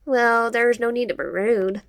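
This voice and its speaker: A woman's voice: a little high, fairly even intonation, measured pace, no room sound. A woman voicing a snippy young twin sister in a dating game, reading her lines in a curt, dismissive way.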